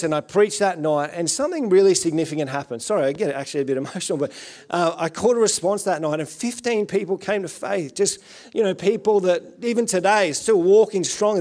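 An Australian man preaching as a guest pastor, telling his own story in an earnest, conversational way, with many fillers. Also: high-pitched. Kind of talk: sermon with personal testimony. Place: church service.

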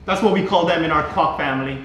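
Emphatic high-voiced preacher in echoey hall. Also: male voice, quick pace, slight background noise. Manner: emphatic, repetitive, rising to shouts. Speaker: pastor. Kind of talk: sermon. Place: church sanctuary.

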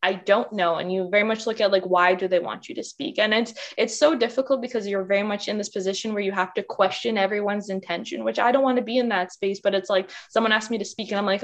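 Fast-talking passionate woman panelist. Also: mid-range voice, steady tone. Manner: passionate and outspoken. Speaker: workshop panelist. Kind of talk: candid panel discussion.

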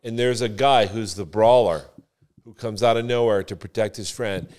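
Low-voiced man telling stories on a podcast. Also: normal speed. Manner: teasing, storytelling, animated explanations. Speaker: podcast guest, car business veteran. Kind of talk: casual podcast chat.

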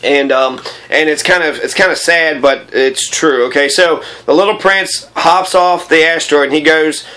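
Man reading a kids' book with chatty asides, somewhat high voice, loose and meandering. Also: normal speed, sharp tone, low-quality recording. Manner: rambling, opinionated asides with many fillers. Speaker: reader and commentator. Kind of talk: reading aloud with commentary.

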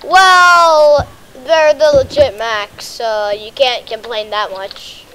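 Young woman gaming, high voice, excitable, a little sick, faint hiss. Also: takes it slowly, low-quality recording. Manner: excited, bossy about the game. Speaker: gamer host. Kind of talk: casual game chat.

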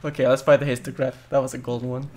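A young man casually commentating a co-op platform game, excitable, cursing often and bursting into loud laughter. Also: mid-range voice, very fast, slight background noise. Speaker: gaming video host. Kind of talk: casual let's-play commentary.

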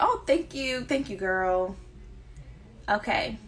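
A woman with a mix of DC, Baltimore and Southern accents, chatting casually as host of a live stream and reading out viewer comments. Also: a little high. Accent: mixed DC, Baltimore and Southern US. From DMV area, United States. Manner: chatty, upbeat, talks fast when excited.

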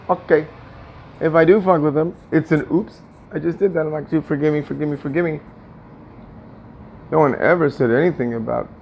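A man's voice: a little high, muffled recording, slight background noise. A man venting in a personal vlog from his apartment, aggrieved and repetitive, often swearing. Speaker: tenant vlogger. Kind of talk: agitated personal vlog rant.

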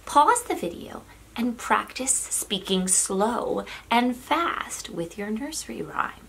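A woman teaching an online drama lesson for kids, talking in a playful, demonstrative way and sliding between high and low to show what a voice can do. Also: very animated, measured pace, fairly bright tone.

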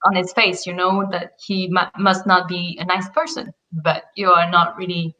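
A woman guest in a casual book discussion, speaking in a measured, thoughtful way and pausing to find words. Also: on the low side, little pitch movement, sharp tone, poor audio.

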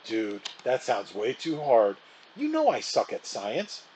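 A man's voice: medium pitch, wildly swooping pitch, slow, darkish tone, a little hiss or hum, poor audio. A man voicing Jack, a boy who sounds offhand and grumbling, while reading a children's book aloud.

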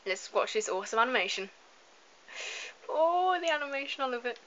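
Woman let's-player, rambly and apologetic, crisp bright tone, lo-fi home recording. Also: sits high, expressive, fairly quick. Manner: chatty, rambling, apologetic asides. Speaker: gameplay commentator. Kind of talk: casual let's-play commentary. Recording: slightly dull lo-fi home mic with faint hiss.

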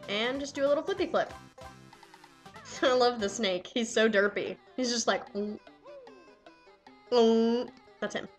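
A young woman swearing and yelling excitedly at the game she plays while commenting. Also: mid-range voice. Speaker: let's player. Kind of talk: casual gameplay commentary.

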